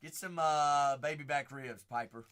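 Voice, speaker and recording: This man hosts a live card break, reading off players and teams and talking to his viewers by name. His voice sits a little high and bright, and it leaps all over its range. He keeps an easy, unhurried pace. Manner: excitable, calls out players and teams, bursts into shouts on big pulls; chats with viewers by name between cards.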